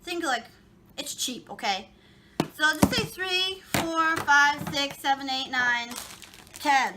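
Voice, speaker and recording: A woman cooking vlogger chats casually and jokingly while making a recipe in her home kitchen. Her voice is high-pitched and slow, and the recording is very noisy.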